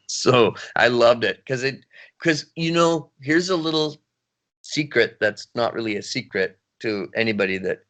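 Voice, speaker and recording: Brief: middle-aged male voice actor as guest, mid pitch, animated and rambling, laughing often. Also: unhurried. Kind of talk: casual interview chat.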